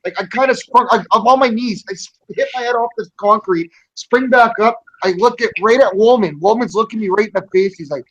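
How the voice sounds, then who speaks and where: A man's voice: high voice, fairly quick, hardly any pauses, a bit bright, muffled recording. Co-host, male, casual swearing sidekick who laughs a lot. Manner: laughing, profane, chiming in. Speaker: podcast co-host. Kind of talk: casual chat among friends.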